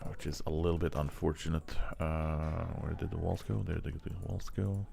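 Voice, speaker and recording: Man, Swedish accent, very low voice, casual gameplay commentary, mutters and hums to himself. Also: level tone, normal speed, vocal fry. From Sweden. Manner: muttering to himself, humming filler syllables. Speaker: game streamer.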